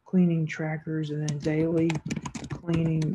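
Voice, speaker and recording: A woman's voice: on the low side, steady tone, normal speed, background noise. Casual woman talking through a tutorial. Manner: casual, thinking aloud while clicking through steps. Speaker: online seller teaching a tutorial. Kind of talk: screen-recorded tutorial narration.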